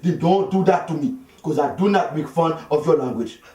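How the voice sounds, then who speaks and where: A man's voice: on the high side, brisk, mellow, reverberant, far from the mic, voice pushed up, lightly acted. A man voicing an offended African classmate who scolds with repeated indignant questions, in an African accent. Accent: African English.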